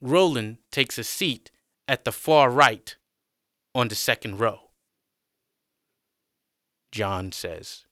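A man narrating a scripted audio drama in a slow, measured, matter-of-fact way. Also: mid-range voice, lively intonation, bright, forceful tone, dry recording, studio quality.

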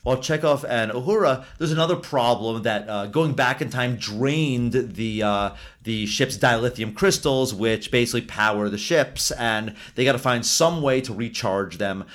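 A man's voice: mid-range voice, normal speed, few pauses, a bit bright. Dry, trivia-loving man on a podcast. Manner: dry, playfully argumentative, lists film trivia. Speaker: podcast co-host. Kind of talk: casual podcast chat.

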